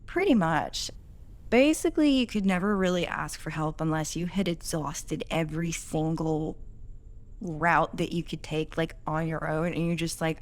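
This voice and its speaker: An earnest woman talks through a past job on a podcast, calm and reflective. Her voice sits a little low for a woman, and she speaks in an easy, conversational way. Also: moderate pace. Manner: earnest, reflective, quotes others in acted tones. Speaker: podcast guest, employee.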